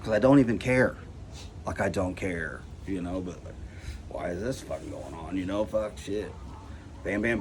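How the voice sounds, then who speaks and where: A man ranting casually to his camera about anxiety, swearing a lot and filling with "like" and "you know.". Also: medium pitch. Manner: profane, rambling, says "like" and "you know" constantly. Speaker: vlogger. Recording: noisy background hiss.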